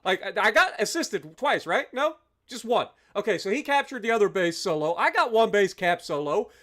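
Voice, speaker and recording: A man live-streaming a game, talking to his chat and thanking donors with loud, exaggerated reactions. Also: high-pitched, big pitch swings, moderate pace.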